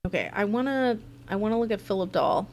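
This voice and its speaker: A young woman streaming a mystery game, chatting casually and thinking out loud as she plays. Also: medium pitch, expressive, brisk, a little hiss or hum. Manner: chatty, thinking aloud, jumping between thoughts. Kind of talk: casual live-stream commentary.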